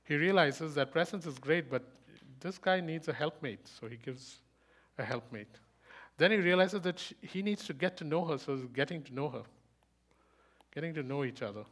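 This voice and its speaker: A man preaching a sermon, fast and emphatic, asking rhetorical questions and rising into loud bursts. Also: on the high side. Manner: speaks fast.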